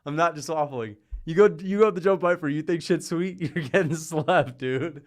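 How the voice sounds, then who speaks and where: A man's voice: fairly high pitch, normal speed. A man streaming live, rambling in casual chat, joking and often laughing, slipping into mocking impressions. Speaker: livestreamer. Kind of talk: casual livestream rant.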